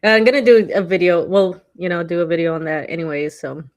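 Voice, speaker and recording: Chatty woman, low voice, lots of fillers. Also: fast, darkish tone. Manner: chatty, lots of fillers, acts out quotes animatedly. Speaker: podcast co-host. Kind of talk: casual chat.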